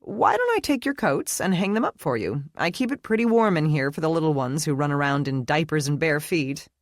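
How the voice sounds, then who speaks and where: A woman's voice: sits low, sing-song, no echo, clean studio sound. A reader voicing a flustered woman shop owner. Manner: brisk, warm, easily embarrassed. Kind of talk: audiobook character dialogue.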